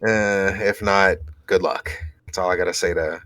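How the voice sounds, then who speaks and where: A man who is a guest on a podcast, chatting casually and cutting in with quick, profane jokes. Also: low-pitched, steady tone, fairly bright tone, dry recording. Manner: jokey, profane quick interjections. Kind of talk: casual chat.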